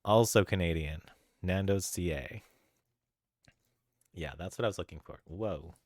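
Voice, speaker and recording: A man's voice: deep voice, a little slow, dry recording, clean studio sound. A man streaming live, chatting casually with viewers while coding and getting sidetracked. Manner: easily sidetracked, greets chatters by name; chatty, thinks aloud while searching.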